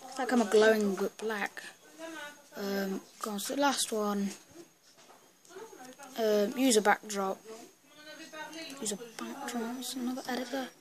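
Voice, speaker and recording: Recording a screen tutorial on a built-in computer mic, a woman vlogger with a slightly high voice speaks at a measured pace with fairly even intonation and long pauses. She clowns around playfully and mutters to herself while clicking.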